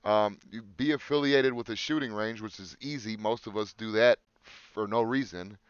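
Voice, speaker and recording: A man's voice: lowish voice, moderate pace, clear, resonant tone, dry recording, muffled recording. A man co-hosting a casual podcast, joking crudely and reading facts aloud off a screen. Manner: crude, joking, swears freely. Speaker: podcast co-host.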